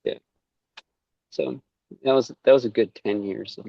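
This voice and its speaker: A man's voice: medium pitch, fairly even intonation, a little slow, creaky, warm tone, no room sound, lo-fi sound. A man talking casually as a podcast guest, rambling, with many fillers and quoted asides. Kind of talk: casual conversation.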